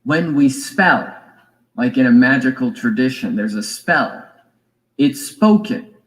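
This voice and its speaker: A man giving a reflective spiritual lecture, musing and deliberate, with fillers and small asides. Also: mid-range voice, animated, poor audio. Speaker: spiritual teacher.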